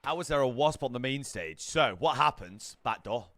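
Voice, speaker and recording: A man's voice: mid-range voice, lively intonation, moderate pace, few pauses, a bit bright, a little hiss or hum. A young British man streaming a watch party, chatting casually with his viewers, brash and full of swearing. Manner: brash, swears a lot, banters with chat.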